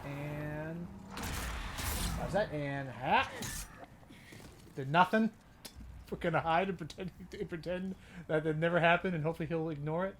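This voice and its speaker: A man's voice: on the high side, measured pace, long pauses, fairly bright tone, a little hiss or hum. A man casually commentating while playing a video game, chatty and full of restarts. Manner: chatty, narrates his play with restarts. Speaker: game streamer. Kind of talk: let's play commentary.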